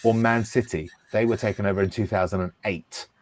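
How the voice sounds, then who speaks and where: Emphatic ranting man, low voice. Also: steady tone, brisk. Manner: emphatic, ranting, keeps asking "okay?". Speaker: podcast host. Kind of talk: heated football talk.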